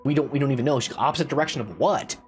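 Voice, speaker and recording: A medium-pitched man races through a casual spoken game review with slight background noise. Rambling and repetitive, with restarts and swearing, he gets exasperated and rises into loud complaint.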